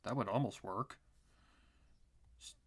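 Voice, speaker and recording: Slow and slightly mellow, a man with a lowish voice thinks aloud while drawing on a live art stream. He mutters to himself, frequently sinking into a whisper, and adds dry sarcastic remarks.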